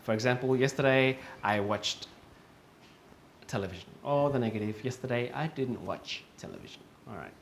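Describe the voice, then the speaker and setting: Speaking in an animated, gravelly mid-range voice at normal speed, a man runs an online pronunciation lesson. He patiently says each English word again for his learners, frequently using fillers and fixing his own slips, over a little hiss or hum.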